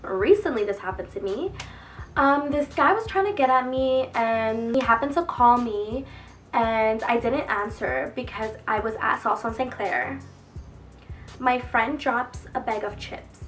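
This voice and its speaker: A young woman vlogs to camera, casually telling stories with plenty of profanity, animated delivery and acted-out voices for quotes. Her voice is on the high side and measured in pace, sitting a bit off-mic and far away, with faint music in the background.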